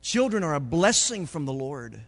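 A pastor preaching a sermon, moving from quiet reflection to loud, joking stretches. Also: male voice, on the high side, big pitch swings, normal speed, in a large hall.

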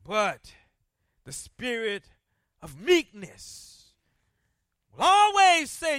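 A man preaching a sermon as pastor, swinging from hushed reading of scripture to shouted rhetorical questions. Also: high-pitched, wildly swooping pitch, slow, long pauses, no room sound, clean studio sound.

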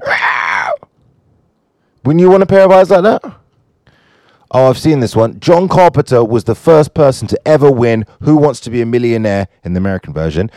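A man casually reading out fun facts, joking and riffing on them in quick asides. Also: mid-range voice, no room sound. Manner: animated, jokey, asides to himself. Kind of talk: casual fun-fact commentary.

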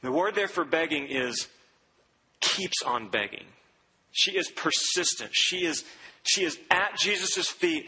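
A man's voice: a little high, measured pace, pushed and bright, long reverb tail, a little hiss or hum, rough recording. A man preaching a sermon in a conversational way, quoting scripture and acting out what people said. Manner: conversational preaching, quotes scripture and acts out voices. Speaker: pastor.

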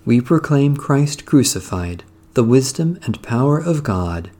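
A man reading psalms, prayers and a gospel passage in a measured, solemn, devotional cadence. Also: medium pitch, big pitch swings, warm tone. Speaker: prayer reader. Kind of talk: liturgical reading of psalms and scripture.

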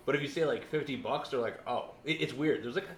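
A man's voice: medium pitch, quick pace. A man co-hosting a casual podcast chat, telling stories with laughing asides. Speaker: podcast co-host. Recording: echoey room.

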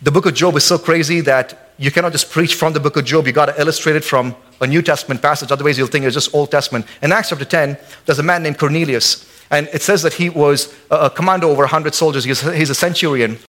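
A pastor preaching a lively sermon in church, acting out quotes and jokes. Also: male voice, a little high, quick pace, few pauses. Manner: animated, acts out quotes and jokes.

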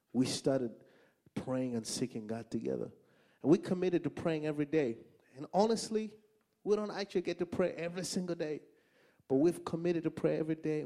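A man from Africa preaching a sermon, telling funny stories and repeating lines for emphasis. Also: a little high. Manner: animated, humorous storytelling with emphatic repetition.

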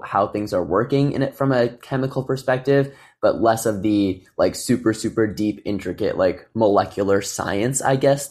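A man in his twenties from the Chicago area, a student guest talking in a hesitant, rephrasing way. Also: lowish voice. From Chicago area, USA. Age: 20s. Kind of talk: casual discussion.

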